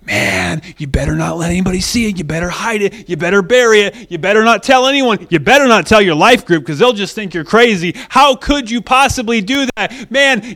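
A sly, needling male tempter, played by a preacher in a sermon, pitched well above his own voice. He presses hard and talks loud, coaxing and goading in turns. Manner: coaxing then accusing, raised and pushy.

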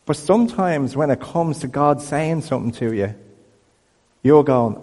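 A man preaching a sermon as a pastor, telling stories in a conversational, animated way. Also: fairly high pitch, normal speed, slightly rough, big-room sound. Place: church building.

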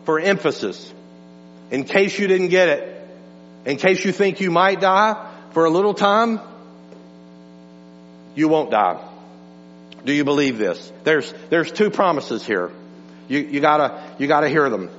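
A man with a slightly high voice preaches in a church, emphatic and full of repeated words, sinking low and then climbing again. The sound is dull and lo-fi, with long reverb trailing each phrase and a faint mains hum underneath. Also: big pitch swings, unhurried, pauses often. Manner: emphatic, repeats words, swings from hushed to raised. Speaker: pastor. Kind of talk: sermon.

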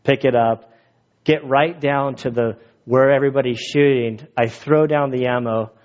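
Animated storytelling preacher, a man. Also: medium pitch, moderate pace, highs cut off. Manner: animated, jokey storyteller who laughs at his own stories. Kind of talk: sermon with personal storytelling.

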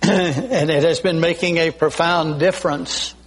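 Slow, deliberate older male preacher. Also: fairly high pitch, steady tone, poor audio. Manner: slow, deliberate preaching with frequent throat clearing. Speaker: pastor. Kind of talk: sermon.

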